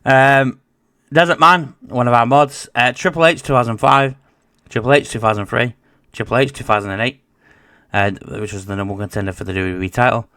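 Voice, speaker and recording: A man's voice: medium pitch, brisk, sharp tone. A man co-hosting a casual wrestling podcast, reading out lists and joking, swearing now and then. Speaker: podcast co-host.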